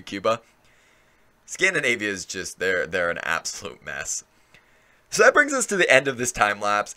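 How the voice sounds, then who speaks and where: A man's voice: medium pitch, sharp tone. A man commenting casually on a strategy game timelapse, amused and chatty, with chuckling asides. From Ireland.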